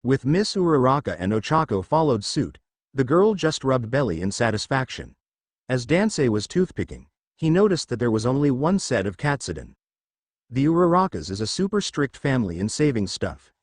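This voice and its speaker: A male narrator reads a fan fiction story aloud in a plain storytelling style with lively, varied intonation. The sound is dry and close to the mic with no echo, and his medium-pitched voice moves at a moderate pace.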